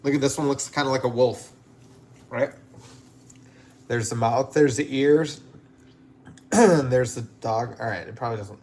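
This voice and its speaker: A man's voice: mid-range voice, a little slow, long pauses, a little mellow. Chatty man hosting a cooking livestream. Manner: chatty, talks to viewers and reads chat aloud. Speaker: livestream host. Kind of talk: casual cooking livestream chat.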